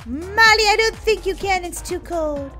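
A woman's voice: very high voice, unhurried, shouting. A woman voicing Daisy, a cautious, sensible young girl in a Roblox role-play story. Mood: doubtful. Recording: music playing underneath.

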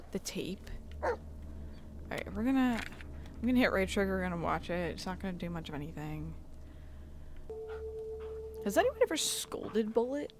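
A woman's voice: mid-range voice, slight background noise. Woman rambling over a video game. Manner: rambling, casual, swears at the game. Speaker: gaming channel host. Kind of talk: let's play commentary.

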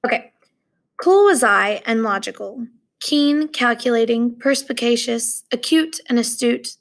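A woman English teacher reads a short story aloud, then talks through it casually for her students. Her voice sits a little high and has a gravelly fry. She sounds explanatory and relaxed. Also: measured pace.

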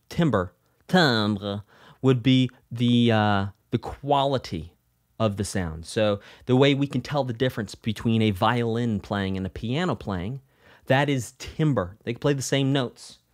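A man teaching music in a live question-and-answer lesson, talking energetically, repeating himself and telling stories. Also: medium pitch. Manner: energetic, repeats phrases, animated storytelling.

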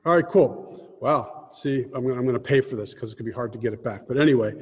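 A man's voice: mid-range voice, lively intonation. A man teaching Hebrew prayers in an online lesson, patiently explaining how the words are said and chanting the prayer lines. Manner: patient, explains pronunciation slowly. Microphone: screen-sharing video call. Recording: dull lo-fi audio with long reverb.

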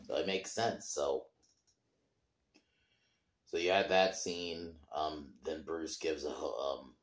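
In a roomy-sounding recording, a man with an extremely low voice and fairly even intonation hosts a podcast, taking it slowly as he chats about a film. It's a casual review, rambling, with loose swearing and restarts that trail off.

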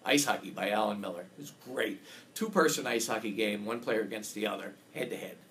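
A man's voice: fairly low pitch, brisk, fairly bright tone. Enthusiastic man recounting a story. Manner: enthusiastic storyteller, acts out quotes. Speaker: game designer, interview guest. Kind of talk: casual storytelling interview.

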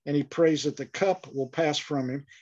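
A man's voice: fairly high pitch, moderate pace, a little mellow, highs cut off. A man teaching an online Bible class, speaking thoughtfully with frequent fillers and restarts.

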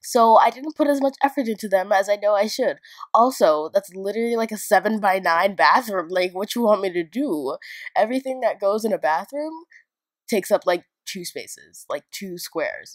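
With a medium-pitched voice and no room sound, a young game-building YouTuber walks through her build in a casual narrated tour. She rambles and chats, frequently making herself the butt of the joke.

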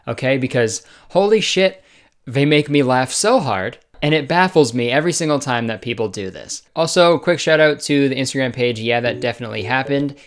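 A man's voice: mid-range voice, a little fast, hardly any pauses. A man in his twenties doing a sarcastic comedic commentary vlog, often jumping into silly voices, recorded close to the mic. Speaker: YouTube comedian.

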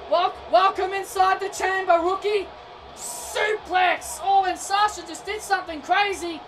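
A woman doing excitable play-by-play wrestling commentary over a video game, often shouting and tripping over her words. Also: very high-pitched. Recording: distant mic with noisy background.

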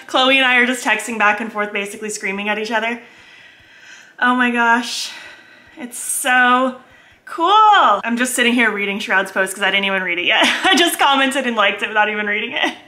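A woman vlogging casually at home, giddy and excitable, often squealing and laughing as she talks to the camera. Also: on the high side. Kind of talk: casual vlog chat. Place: at home, indoors.

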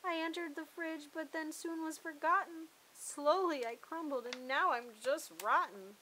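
A woman's voice: high-pitched, unhurried, bright, forceful tone, a little hiss or hum, pitched above the performer's own voice, rough recording. A woman voicing a sad, forgotten old fruitcake in a read-aloud picture book. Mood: mournful. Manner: mournful, self-pitying.

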